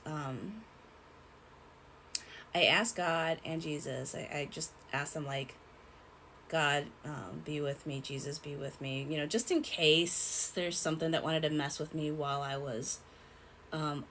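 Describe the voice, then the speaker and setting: A young woman telling a personal story in a rambling, halting way, with many fillers and restarts. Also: low voice, fairly bright tone, a little hiss or hum, rough recording. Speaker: vlogger.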